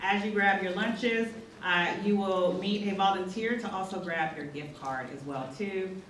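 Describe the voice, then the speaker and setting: A woman's voice: mid-range voice, measured pace, fairly bright tone. A woman hosts a community forum, affirming and casual with the audience. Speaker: event host. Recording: echoey hall, distant mic, crowd noise.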